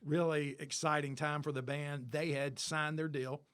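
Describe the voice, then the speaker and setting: A man's voice: on the high side, little pitch movement, moderate pace, a bit bright, clear, resonant tone. A middle-aged man, telling a long industry anecdote as an interview guest, full of fillers and acted-out dialogue. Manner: rambling, filler-heavy, acts out dialogue. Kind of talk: casual anecdotal storytelling.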